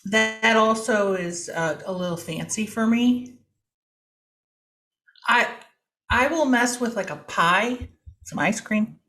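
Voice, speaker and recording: A woman's voice: on the high side, slow, pauses often, pushed and bright, soft background music. A woman comedian guesting on a podcast, chatting casually with self-deprecating, anxious, dry humor. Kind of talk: casual chat.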